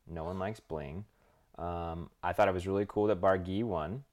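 A man co-hosting a casual cycling podcast, talking in an excitable, hesitant way with lots of ums. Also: low-pitched, moderate pace. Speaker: podcast co-host. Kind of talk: casual chat.

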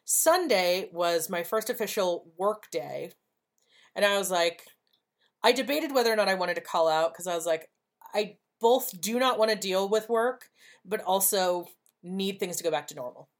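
A woman's voice: mid-range voice, expressive, moderate pace. A woman co-hosting a podcast, telling a personal story in a blunt, profane, casual way and acting out the dialogue. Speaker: podcast co-host.

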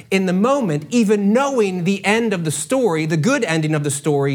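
A man pastor giving a conversational sermon, joking and acting out the people in the story. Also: a little high. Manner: conversational and humorous, acting out Bible characters with laughs. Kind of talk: casual sermon.

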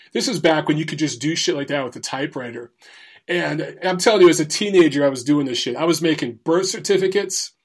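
Profane, laughing man telling stories. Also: a little high. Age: adult, former Marine. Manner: profane, animated, laughs through punchlines. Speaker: storyteller. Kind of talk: casual storytelling.

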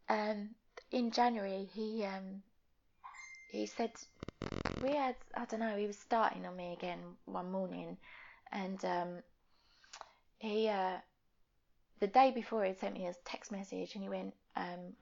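A young woman tells her story in an interview, talking candidly and haltingly. Her voice has a gravelly fry and sits at a middling pitch. At times she drops almost to a whisper, and the recording sounds a little dull. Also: steady tone, darkish tone. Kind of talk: personal testimony.

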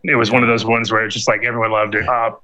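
A man's voice: mid-range voice, little pitch movement, racing, a loud crowd, rough recording. A man hosting a podcast in casual chat, rambling and swearing with lots of fillers and restarts. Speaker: podcast host.

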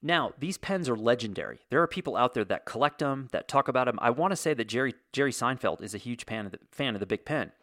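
A man's voice: mid-range voice, expressive, quick pace, hardly any pauses, fairly bright tone, no echo, clean studio sound. A man in his forties hosting a casual solo monologue, telling stories in a wry, sarcastic way with comic exaggeration.

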